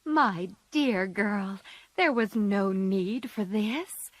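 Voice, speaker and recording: A woman voicing a loving mother of four daughters, calm and concerned. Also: mid-range voice, drawn-out words, no room sound. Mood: tender.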